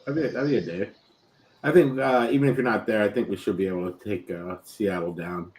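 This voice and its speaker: A man's voice: lowish voice, brisk, poor audio. Easygoing man host rattling off stats. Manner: steady, stat-heavy, easygoing. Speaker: podcast host. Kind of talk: casual chat.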